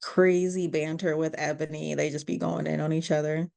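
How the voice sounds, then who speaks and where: A woman co-hosting a podcast, retelling a movie's scenes in a casual, animated way, full of "like" and acted-out quotes. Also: low-pitched, moderate pace, creaky. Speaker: podcast co-host. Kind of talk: casual movie recap chat.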